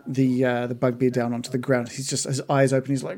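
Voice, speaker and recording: A man narrating as game master, relaxed with chuckles and fillers. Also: mid-range voice, quick pace.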